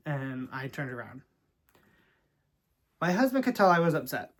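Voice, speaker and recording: A man's voice: on the high side, sing-song, normal speed, pauses often. A man vlogging in a casual storytelling style, chatty and sassy with dramatic asides. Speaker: vlogger and real estate agent.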